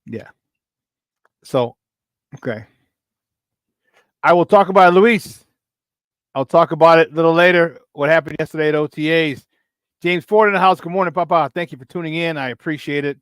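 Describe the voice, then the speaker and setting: A male sports talk host with a slightly high voice on a dry, close recording. He calls out viewers by name with loud excitement, then sinks into low, weary grumbling between shout-outs. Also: moderate pace, pauses often, smooth, no room sound. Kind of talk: casual morning sports talk show.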